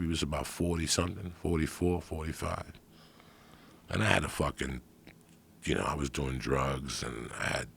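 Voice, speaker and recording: A man's voice: rumbling low, a bit bright. A middle-aged man, a comedian guest, telling stories in a blunt, profane, streetwise way. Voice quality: gravelly, raspy. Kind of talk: casual storytelling.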